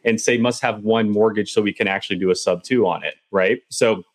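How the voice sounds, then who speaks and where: A man from a software company, a guest who steadily explains the product's features. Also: fairly low pitch, fairly even intonation, fairly quick, no echo.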